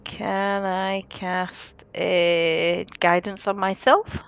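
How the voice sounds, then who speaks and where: A woman's voice: lowish voice, flat delivery, extremely slow, vocal fry, smooth, dull audio. A woman playing in a tabletop game, talking casually and a little hesitantly. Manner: hesitant, with fillers. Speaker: player.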